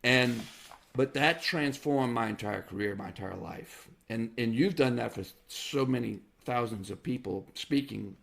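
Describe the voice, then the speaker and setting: A man hosting a podcast, talking in a reflective, conversational way about his own career. His voice has a gravelly, creaky edge at a middle pitch. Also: unhurried, fairly bright tone. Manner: affirming listener, reflective when sharing his own story. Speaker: podcast host. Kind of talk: conversational interview.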